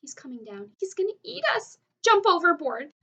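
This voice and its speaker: A woman's voice: fairly high pitch, fast talker, mellow, husky, muffled recording. A woman voicing a frantic little female ladybug who squeals for help.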